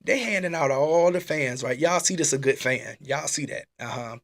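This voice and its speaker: A man hosting a casual church-style live talk. He is animated and exclaiming, and he repeats his questions. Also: fairly high pitch, normal speed, creaky. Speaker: host. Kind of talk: casual preaching live stream.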